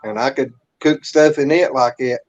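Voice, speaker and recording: A man co-hosting a casual live stream, talking haltingly, repeating words and filling with "you know". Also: mid-range voice, highs cut off. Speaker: co-host.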